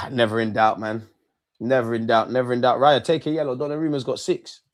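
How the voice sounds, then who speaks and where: A man's voice: medium pitch, steady tone, brisk. A young man giving live, slang-filled commentary as a football fan hosting a match watchalong, repeating his phrases over and over.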